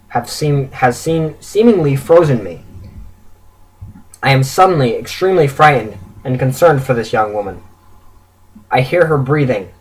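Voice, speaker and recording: A man's voice: medium pitch, husky, low-quality recording. A man reading his own written story aloud in an earnest way, with stumbles and self-corrections.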